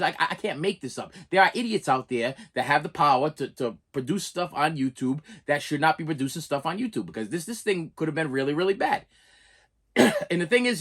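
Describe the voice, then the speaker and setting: A man's voice: fairly high pitch, a bit bright, breathy edge. A man ranting on a vlog, exasperated and stammering with repeated words. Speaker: YouTube reviewer.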